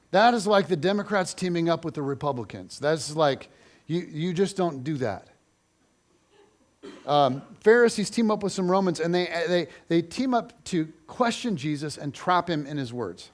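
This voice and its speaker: Lively, animated male pastor preaching. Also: fairly high pitch. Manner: animated storytelling, acts out quotes, rhetorical questions. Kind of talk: sermon. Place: church.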